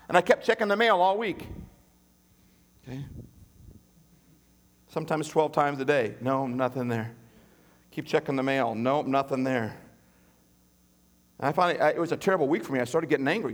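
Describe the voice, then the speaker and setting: A man preaching from the pulpit, telling his story with animated swings between hushed, slow quoted lines and raised pleading. His voice sits fairly high for a man. The sound carries a long reverb, as in a large hall. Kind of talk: sermon storytelling.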